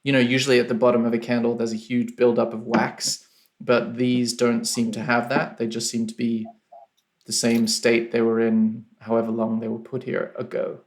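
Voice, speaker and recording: A man acting as game master of a tabletop game, narrating at a measured pace and thinking aloud as he describes things. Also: mid-range voice, monotone.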